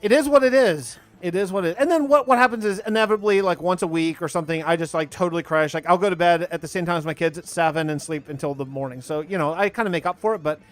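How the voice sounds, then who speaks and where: A man's voice: a little high, fast talker, hardly any pauses, fairly bright tone, soft background music. A man in his thirties chatting casually on a live stream, rambling while he plays and answers chat. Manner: rambling, talks over gameplay and answers chat.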